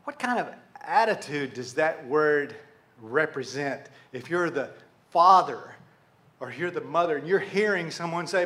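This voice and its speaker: A man preaching a sermon to a congregation, animated, asking rhetorical questions and speaking to them directly. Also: fairly high pitch, measured pace. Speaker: pastor.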